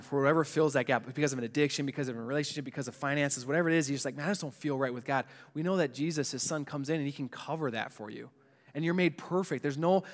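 Male preacher, conversational and earnest, slightly high voice, long hall reverb. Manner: earnest, conversational, many restarts and "like". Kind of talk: sermon.

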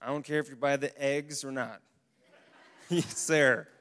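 A young adult man giving a casual, animated sermon to a young adults service, with bursts of exclamation. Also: medium pitch, measured pace. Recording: long hall reverb.

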